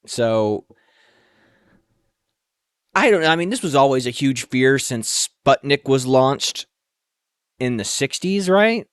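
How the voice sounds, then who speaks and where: A man's voice: medium pitch, expressive, slow pace, long pauses, clear, resonant tone, no room sound, studio quality. A man co-hosting a local morning show, talking through national news in a rambling, conversational way with many restarts. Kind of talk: casual news chat.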